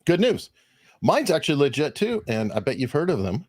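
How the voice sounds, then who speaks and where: A man hosting a live stream, teasing his guests and quick to laugh. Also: a little high, very animated, music in the background. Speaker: host. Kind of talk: casual live-stream chat.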